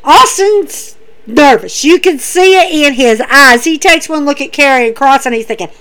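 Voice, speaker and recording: A woman casually recapping wrestling events, animated, dropping her voice to act out what the wrestlers say. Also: moderate pace. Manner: animated, acts out wrestlers' lines in a lowered voice.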